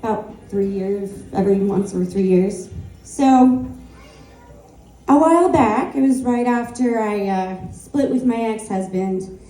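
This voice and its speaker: A woman's voice: mid-range voice, slow pace, warm tone, roomy sound, low-quality recording. A woman in her thirties doing a stand-up set, telling stories in a conversational way and acting out the voices of the people in them. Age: 30s. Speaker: stand-up comedian. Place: comedy club stage.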